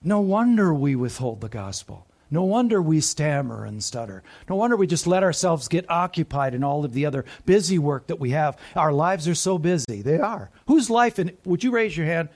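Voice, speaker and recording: A pastor with a slightly higher-pitched voice preaches a morning sermon. He keeps asking the room questions and waits for them to answer. At times he drops to a soft aside. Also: big pitch swings, moderate pace, hardly any pauses. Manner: call-and-response questions to the congregation, dropping to soft asides.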